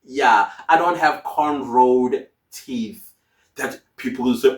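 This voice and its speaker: A man's voice: medium pitch, slow pace. A man giving emphatic, repetitive motivational advice to fellow content creators. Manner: emphatic, repeats key phrases. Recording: roomy sound from a distance.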